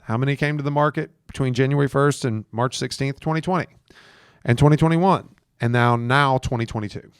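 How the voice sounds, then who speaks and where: A man talks straight to real estate agents on his podcast, coaching them with emphasis. His pitch moves a lot as he stresses points. The sound is dry and close to the mic. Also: no room sound. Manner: emphatic, coaching listeners directly. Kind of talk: casual advice talk.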